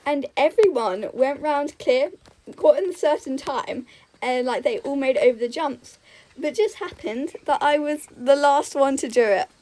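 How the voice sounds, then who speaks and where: Young woman gaming vlogger, chatty and giggly, slightly high voice. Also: normal speed, mellow, poor audio. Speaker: gaming YouTuber. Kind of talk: casual storytelling over gameplay.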